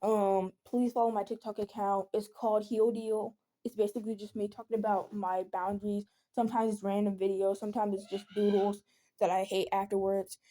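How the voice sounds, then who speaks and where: A teenage girl talks through a casual venting video in an earnest, rambling way. Her voice is mellow and warm, never bright. She often slips into soft pleading. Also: mid-range voice, flat delivery, brisk, slight background noise. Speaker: vlogger.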